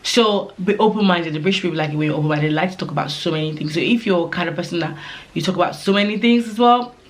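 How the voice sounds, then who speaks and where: A woman's voice: on the low side, fast. A young woman vlogger giving casual advice to camera, chatty and rambling, with many filler words.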